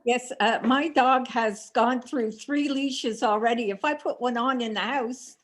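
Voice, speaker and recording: A woman's voice: a little high, a little slow. A woman attending a webinar by video call, asking a question with some hesitation. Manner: hesitant, with fillers.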